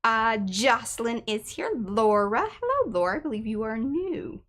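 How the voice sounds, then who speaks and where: A woman's voice: on the high side, animated, moderate pace, fairly bright tone. A middle-aged woman hosting an art livestream, chatting casually and greeting viewers one by one.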